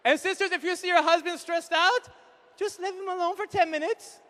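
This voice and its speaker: A man in his thirties doing animated stand-up comedy, acting out quick voices of husbands and wives on a live hall mic. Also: extremely high pitch. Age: 30s. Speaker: comedian speaker at an event. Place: large hall with an audience.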